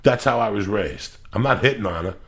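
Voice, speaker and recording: A man's voice: fairly low pitch, lively intonation, brisk, fairly bright tone. A middle-aged man hosting a podcast, ranting in a casual, profane, emphatic way. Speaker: podcast host.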